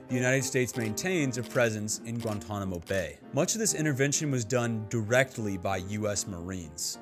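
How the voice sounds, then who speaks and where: A man giving scripted narration for a history video essay, with a dry, sardonic humor. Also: medium pitch.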